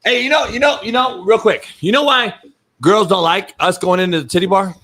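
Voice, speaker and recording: A man hosting a sports talk show, ranting loudly and profanely, often breaking into shouts. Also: high voice, fairly quick. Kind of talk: heated sports talk banter.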